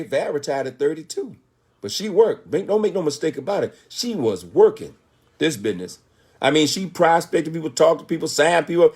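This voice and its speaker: High-voiced emphatic man in his 60s. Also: husky. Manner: emphatic, animated storytelling with rhetorical questions. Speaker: motivational speaker. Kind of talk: motivational speech.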